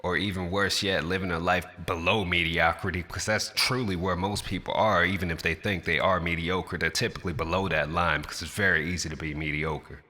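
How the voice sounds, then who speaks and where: A man's voice: low voice, fairly even intonation, fairly quick, few pauses, pushed and bright, big-room sound. A man who raps, speaking straight to camera in a passionate, blunt and profane rant in his natural everyday voice. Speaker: rapper.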